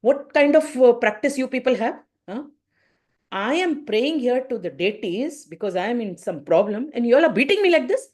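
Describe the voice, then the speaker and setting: A woman voicing an indignant male worshipper who loudly scolds the people around him with sharp questions. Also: fairly high pitch, expressive, moderate pace, voice pushed up, lightly acted.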